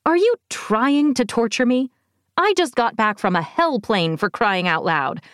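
In this audiobook, the narrator, a woman, gives a furious and weakened sorceress a shrill, commanding voice, higher and louder than the narration around it. The sorceress seethes and snaps with imperious bite, her intonation lively and her delivery unhurried. The recording is close and dry, with no echo.

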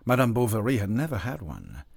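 A man reading a classic novel aloud as an audiobook narrator, in a measured storytelling manner. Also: fairly low pitch, huge pitch swings, creaky, slightly rough, no room sound, clean studio sound.

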